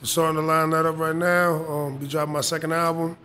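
A man's voice: on the high side, level tone, sharp tone, a little hiss or hum. A man guesting as a rapper on a podcast, joking around in slangy talk. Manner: joking, slangy, quick asides. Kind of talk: casual interview chat.

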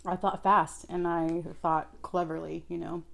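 A woman's voice: fairly low pitch, unhurried, gravelly. A young adult woman telling a storytime vlog while eating, laughing often and acting out the voices in her story. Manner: lively, laughing, acts out quoted voices. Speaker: vlogger.

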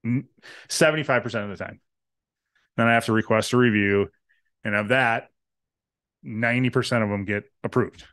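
A man co-hosting a casual podcast, joking and quick, laughing often. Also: mid-range voice, fairly bright tone, dry recording. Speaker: podcast co-host. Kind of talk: casual banter.

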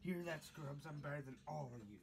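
A man's voice: fairly high pitch, brisk, vocal fry, background noise. A man voicing a cocky male turtle gamer who brags and trash-talks nonstop, in a puppet comedy skit. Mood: taunting. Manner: bragging, trash-talking.

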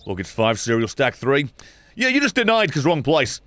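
A young man playing a video game and commenting as he goes, sarcastic and swearing, dropping to mutters and then shouting. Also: mid-range voice, wildly swooping pitch, moderate pace, soft background music. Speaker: gaming streamer.

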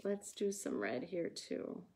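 Slow, chatty woman with a Wisconsin accent. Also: fairly low pitch, expressive, vocal fry, darkish tone. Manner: chatty, talks to viewers while painting. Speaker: craft livestream host. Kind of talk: casual livestream craft chat.

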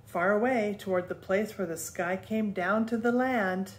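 Older woman, grandmother, reading aloud, gentle storybook telling, even pace. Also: medium pitch, measured pace, roomy sound, slight background noise. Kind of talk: reading a children's book aloud.

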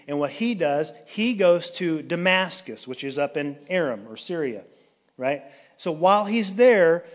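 A man giving a sermon as a pastor, retelling a Bible story in a loose, chatty way with jokey asides. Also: high voice. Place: church sanctuary.

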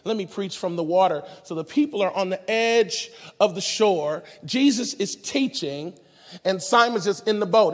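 High-voiced animated man preaching. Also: unhurried, big-room sound. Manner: animated storytelling, acting out characters in a street-slang voice. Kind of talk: energetic comedic sermon. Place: large conference hall.

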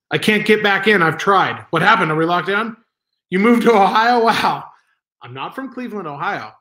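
A man's voice: on the high side, fairly bright tone. A man filling in as host of a live stream from home, rambling and joking at himself while reading the chat aloud. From Southern California. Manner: rambling, self-mocking, reads chat aloud. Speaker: livestream stand-in host.

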